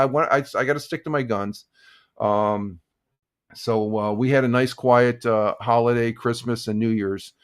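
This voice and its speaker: Rambling older man hosting a chatty stream. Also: mid-range voice. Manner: rambling, halting, with many restarts and chuckles. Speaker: live-stream host. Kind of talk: casual morning chat stream.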